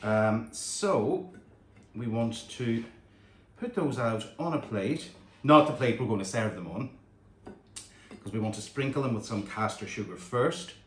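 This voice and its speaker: In a home kitchen, a cooking show host runs a demonstration, chatting away and admiring the food as he goes. His medium-pitched voice is expressive and fairly bright, a little slow, with frequent pauses. The room is echoey, with faint kitchen clatter.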